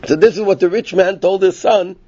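A man with a high-pitched, warm voice teaches a class at a fairly quick pace, telling casual, rambling stories and often breaking off mid-sentence. This informal storytelling lesson comes through as a dull, lo-fi, dry recording.

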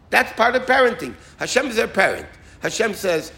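A man giving an informal Torah talk as a rabbi, animated and folksy, sprinkling in Yiddish and Hebrew terms. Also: high-pitched, fairly quick, gravelly.

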